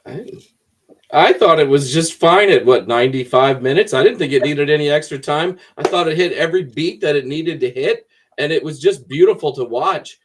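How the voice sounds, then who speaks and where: A man on a casual film-review panel, relaxed and self-deprecating. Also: fairly high pitch, moderate pace.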